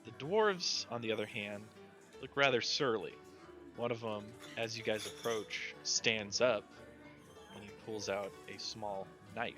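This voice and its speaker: A man narrating as game master in a tabletop role-playing game, with a relaxed, rambling delivery. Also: on the low side, unhurried, faint music behind.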